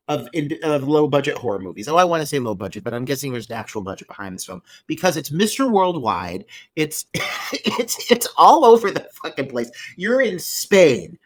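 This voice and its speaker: A man co-hosting a podcast, chatting casually about a film in an animated, profane way with frequent laughter. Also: fairly high pitch, dry recording. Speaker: podcast co-host. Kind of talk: casual film review chat.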